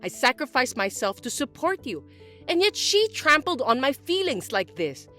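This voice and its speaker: A woman voicing a spiteful middle-aged mother-in-law who scolds and complains loudly in an animated text story. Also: sits high, normal speed, soft background music, exaggerated voice. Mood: complaining. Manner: accusing, loud, whiny.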